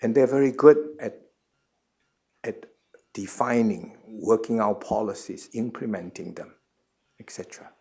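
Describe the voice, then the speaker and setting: Halting, gravelly man in his seventies. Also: on the low side, warm tone. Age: 70s. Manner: halting, often repeats words before going on; earnest, measured explanation. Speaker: guest speaker. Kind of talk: answering questions at a public forum.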